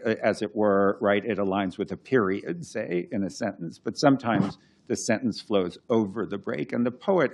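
A man, a classicist and translator, giving an unscripted talk, explaining slowly with many restarts and fillers and humming out verse rhythms. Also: medium pitch.

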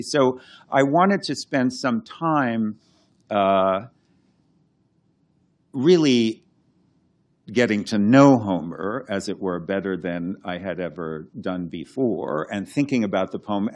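Thoughtful man explaining, slightly low voice. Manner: thoughtful, explanatory, halting restarts, chants verse rhythms. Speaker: classics scholar and translator. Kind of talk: conversational lecture.

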